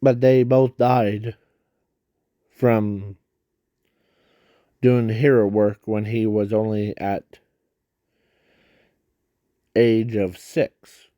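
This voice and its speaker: A man rambles through his idea at a very slow, halting pace, stopping and restarting often. His voice is dark and mellow, and he is breathing hard. The recording is dry and close, with no room sound. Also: on the low side, level tone, dry recording. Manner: halting, many fillers and restarts. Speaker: fan video creator. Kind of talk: casual rambling explanation.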